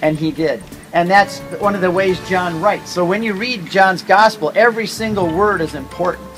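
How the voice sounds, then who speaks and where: A man giving a casual Bible talk to a tour group, telling stories with quick asides and jokes. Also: high voice, over music, low-quality recording. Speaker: pilgrimage tour teacher.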